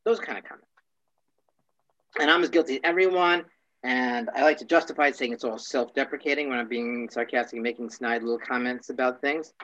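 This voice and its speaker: A man teaching a casual class, wry and joking, often clearing his throat. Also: medium pitch, a little fast, a bit bright, dull audio.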